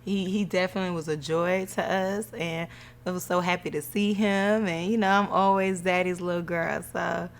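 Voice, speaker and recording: A woman's voice: on the low side, moderate pace. Chatty woman telling wedding stories. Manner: animated storytelling, laughing often. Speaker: podcast co-host, newlywed bride. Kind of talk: casual chat.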